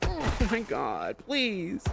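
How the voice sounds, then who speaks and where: A man's voice: high-pitched, huge pitch swings, drawn-out words, creaky, a bit bright, slight background noise. Joking, foul-mouthed young male streamer. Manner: joking, sarcastic, swears casually, laughs often. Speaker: game streamer. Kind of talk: live game stream, reading chat.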